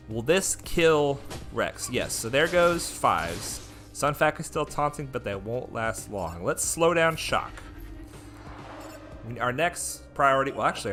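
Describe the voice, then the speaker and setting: A man giving excited live commentary while playing a mobile game, chatting with his viewers as he goes. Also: mid-range voice.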